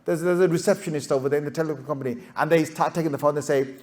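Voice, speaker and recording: Male speaker, fairly high voice, lively rhetorical talk to students, acts out characters. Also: very fast. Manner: animated, rhetorical, keeps asking "right?". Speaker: Islamic scholar addressing students. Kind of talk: lively talk to a youth audience.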